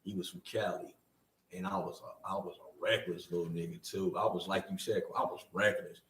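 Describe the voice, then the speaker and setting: A young man co-hosting a podcast, telling stories in a casual, animated way and loudly acting out the people he quotes. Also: low-pitched, fairly quick, far from the mic, slight background noise. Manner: animated storyteller, acts out quoted voices loudly. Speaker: podcast co-host. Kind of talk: casual storytelling chat. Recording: roomy sound from away from the mic.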